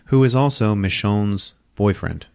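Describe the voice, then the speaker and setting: A man hosting a podcast, recapping a film plot in a casual, profane, animated storytelling way on a close mic. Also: on the low side, a little slow, gravelly, clear, resonant tone, dry recording. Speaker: podcast host.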